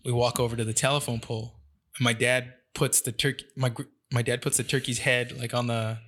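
A man from San Jose telling a story in a casual chat, profane and animated, acting out the quotes. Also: medium pitch, a little fast. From San Jose, California.

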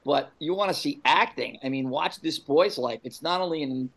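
A man with a fairly high voice talks about films in an easy, chatty way. He gets animated, stumbles through restarts and throws in quoted movie lines as he goes. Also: normal speed, creaky, poor audio. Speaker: podcast co-host. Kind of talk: casual film chat.

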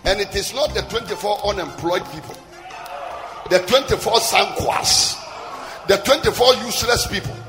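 A man preaching a sermon, shouting and half-singing his lines. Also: high voice, normal speed, in a large hall, over music. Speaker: pastor.

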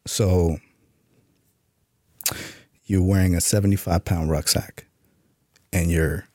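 A man's voice: low voice, fairly even intonation, slow pace, darkish tone, breathy edge, dry recording, studio quality. A man being interviewed on a podcast, telling a story in a laid-back way and swearing casually. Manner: laid-back, profane, full of "you know what I'm saying". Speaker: podcast guest, author and Army veteran.

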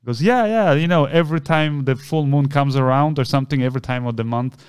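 A man's voice: mid-range voice, quick pace, clear, resonant tone, no room sound, clean studio sound. A man co-hosting a podcast, telling a story in a casual chat and acting out the people in it. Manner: animated storyteller acting out quoted voices. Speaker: podcast co-host.

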